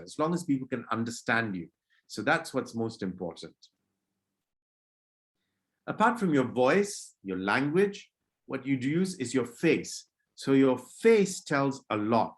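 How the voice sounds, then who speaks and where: Man teaching public speaking online. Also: medium pitch. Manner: demonstrates moods by acting out greetings; gently scolds disruptive kids. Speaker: workshop presenter. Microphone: video call.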